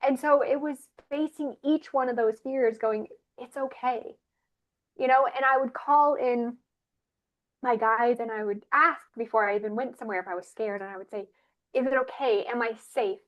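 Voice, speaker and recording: Woman, high voice, earnest animated testimony, dull lo-fi recording. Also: moderate pace. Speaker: regular panelist. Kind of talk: personal spiritual testimony. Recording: muffled lo-fi audio.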